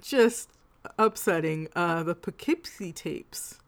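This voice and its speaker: A woman's voice: on the low side, animated, slow pace. A woman co-hosting a podcast, chatting casually about films, swearing and laughing mid-sentence. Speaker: podcast co-host. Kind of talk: casual chat.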